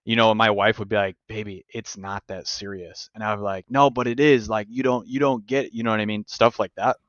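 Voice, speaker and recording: A man hosting a podcast, telling stories in casual, profane, animated chat. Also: fairly low pitch, fast, smooth, no room sound, lo-fi sound. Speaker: podcast host.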